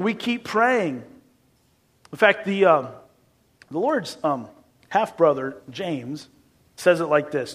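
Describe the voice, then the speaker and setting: A man preaching a sermon in an animated, emphatic way, with casual asides and acted-out quotes. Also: sits high. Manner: acts out quotes in a shifting voice.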